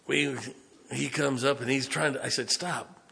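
A man's voice: mid-range voice, little pitch movement, vocal fry, bright, forceful tone, slightly rough. A man, a pastor telling a story in a folksy, conversational sermon. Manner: folksy, conversational, dramatic pauses.

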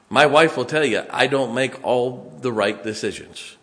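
A man preaching a sermon in a church, emphatic, swinging from loud to hushed. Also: mid-range voice, moderate pace, few pauses.

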